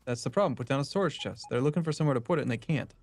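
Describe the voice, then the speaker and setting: A man's voice: mid-range voice, very fast, a little mellow. A man chatting during a multiplayer game in a dry, matter-of-fact way. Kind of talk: casual gaming chat.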